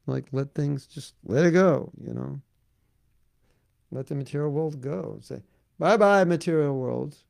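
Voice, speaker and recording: Gravelly-voiced man giving a devotional talk. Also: mid-range voice, dry recording, studio quality. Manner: conversational, gently coaxing, frequent "you know". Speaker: spiritual teacher answering questions.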